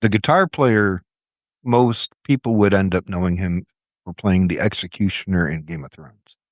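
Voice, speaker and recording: A man's voice: low-pitched, normal speed, no room sound, studio quality. A man co-hosting a podcast who explains points carefully, then gushes about music with casual swearing. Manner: explanatory, enthusiastic, profane. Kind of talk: casual chat.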